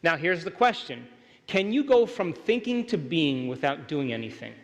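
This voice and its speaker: This motivational seminar speaker keeps checking in with his audience, asking whether they follow. He speaks at a moderate pace in a slightly high voice with big pitch swings, and the room carries a long hall reverb.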